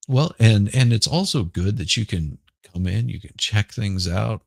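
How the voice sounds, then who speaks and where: A middle-aged man with a Southern accent, hoarse right now, chatting casually and rambling on a livestream. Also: on the low side, lively intonation, no echo. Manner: rambling, halting, repeats words. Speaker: livestream host. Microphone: headphones with mic.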